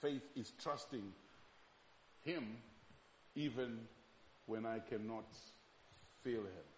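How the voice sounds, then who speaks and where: A man preaching a sermon as pastor, passionate, moving from loud pleading to quiet reflection. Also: medium pitch, slow, a little hiss or hum. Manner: impassioned, swings from loud pleading to hushed reflection. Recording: echoey hall, dull lo-fi sound.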